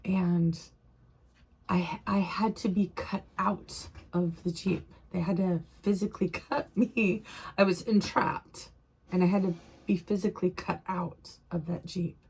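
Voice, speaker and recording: A middle-aged woman vlogger recounting a personal experience in a halting, emotional way, often repeating her phrases. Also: on the low side, steady tone, a little mellow, slightly rough.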